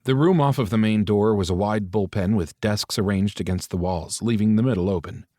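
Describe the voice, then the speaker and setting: A man's voice: on the low side, a little fast, dark tone, no room sound, clean studio sound. A man narrating a romance audiobook, switching into different voices for the characters' dialogue.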